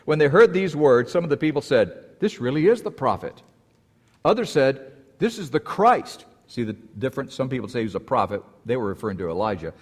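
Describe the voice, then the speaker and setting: A man preaching a sermon, telling a story with lively rises in pitch when he acts out quoted voices. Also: fairly quick. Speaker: pastor. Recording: long hall reverb.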